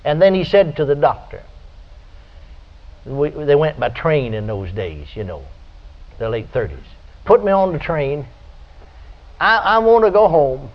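An older man preaching a folksy radio sermon, telling stories and breaking into high, shouted praise. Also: sing-song, measured pace, long pauses. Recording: dull lo-fi archive radio recording.

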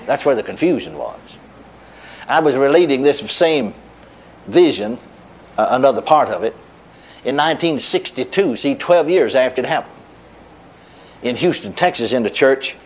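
A man's voice: normal speed, pauses often, breathy edge. A middle-aged man preaching a sermon, telling a story in a folksy way with chuckles and repeated words. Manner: lively pitch, dropping low at line ends.

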